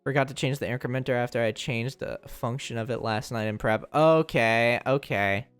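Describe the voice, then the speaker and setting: A man's voice: mid-range voice, moderate pace, clear, resonant tone, no echo, faint music behind. A young man streamer in casual chat, rambling and joking, often stumbling and repeating words.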